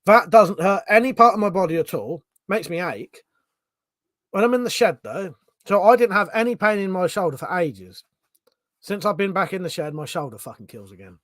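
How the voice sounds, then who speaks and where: A British man rambles through a casual livestream, reading out his chat and swearing freely as he jokes with viewers. His voice sits a touch high for a man, and the sound is close and dry with almost no room around it. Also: animated, normal speed, fairly bright tone, no room sound. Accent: British English. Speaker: livestream host.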